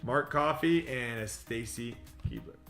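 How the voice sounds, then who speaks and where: A man hosting a livestream card break, rattling off player names with quick joking asides. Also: mid-range voice, pushed and bright. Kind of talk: livestream card-opening patter. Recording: echoey room with music behind.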